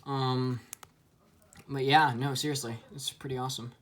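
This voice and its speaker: A man's voice: mid-range voice, fairly even intonation, moderate pace, a bit bright. A man giving a casual, enthusiastic toy review, chatty and full of ums.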